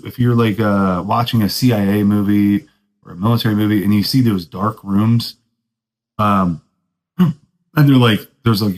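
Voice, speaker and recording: A young podcast host with a mid-range voice tells casual, self-deprecating stories, captured on a low-quality recording. His talk is laid-back surfer slang with plenty of "dude," and he laughs at his own tales throughout the monologue.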